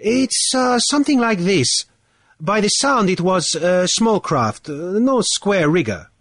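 A man reading the part of a calm man at a card table, reasoning out loud in a measured, deliberate way. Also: sits high, no echo, studio quality, voice pushed up, full character voice.

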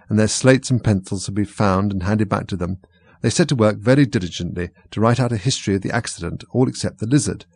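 Gravelly, husky male audiobook narrator. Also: lowish voice, a little mellow, no echo. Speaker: audiobook reader. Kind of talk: scripted narration.

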